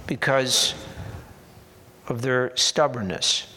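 A man delivers a sermon from the pulpit, unhurried and deliberate in his phrasing. His voice sits at an ordinary middle pitch, earnest but ready with a wry aside. The sound rings out with the long reverb of a large church hall. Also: pushed and bright, breathy edge. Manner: slow, earnest preaching with dry humorous asides. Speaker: pastor.

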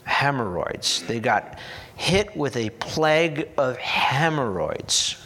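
A man delivers a sermon from the pulpit, unhurried and deliberate in his phrasing. His voice sits at an ordinary middle pitch, earnest but ready with a wry aside. The sound rings out with the long reverb of a large church hall. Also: lively intonation, pushed and bright. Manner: slow, earnest preaching with dry humorous asides. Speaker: pastor.

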